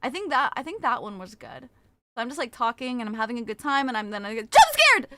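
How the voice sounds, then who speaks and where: A woman's voice: a little high, animated, fast talker, sharp tone, no room sound. A woman streaming live, chatting casually with her viewers, greeting them by name and often restarting her sentences. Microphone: desktop mic with a limiter.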